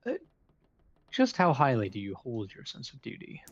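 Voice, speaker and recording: A man's voice: mid-range voice, huge pitch swings, moderate pace, creaky, no echo, lo-fi sound, heavily acted. A man reading the lines of a haughty, condescending doctor aloud while playing a game. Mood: pompous. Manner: pompous, lofty, formal. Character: haughty male doctor, condescending bachelor of medicine.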